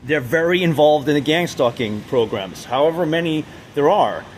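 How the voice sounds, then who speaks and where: A man delivering an off-the-cuff monologue, his voice sitting on the higher side. He rambles and stumbles through restarts and fillers, pressing hard on his points, with a faint hum of background ambience. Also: animated, normal speed, darkish tone. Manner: intense, emphatic. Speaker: vlogger. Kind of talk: unscripted monologue.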